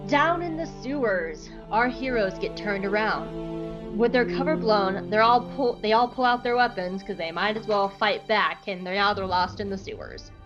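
A woman's voice: mid-range voice, normal speed, music in the background. A woman co-hosting a podcast, recapping an episode in blunt, profane, sarcastic casual chat. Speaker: podcast co-host. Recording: dull lo-fi podcast audio.

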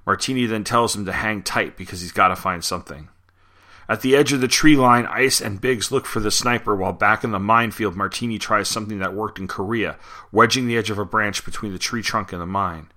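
A male podcast host retells and reviews a war comic in a conversational way, with occasional fillers. His voice sits a bit low but has a bright, forceful edge. He sounds like he is talking straight to the listener. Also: brisk. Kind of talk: comic book recap and review.

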